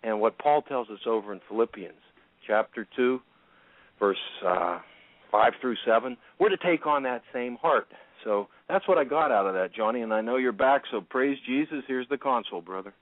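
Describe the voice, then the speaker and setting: A man's voice: mid-range voice, moderate pace, no echo. Earnest preacherly man over a phone line. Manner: earnest, preacherly, cites verses. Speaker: radio co-host. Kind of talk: short scripture reflection. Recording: dry, phone-like narrow sound.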